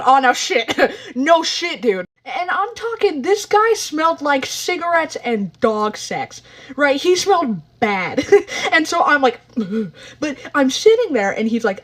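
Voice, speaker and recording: A woman's voice: sits high, very animated, measured pace. A young woman telling a story in a casual vlog, exasperated and full of swearing. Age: young adult. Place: parked car.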